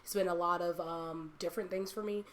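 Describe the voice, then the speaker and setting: A woman talking casually and candidly as a live streamer, telling animated personal stories and laughing often. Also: fairly low pitch, a little fast. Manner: candid and confiding.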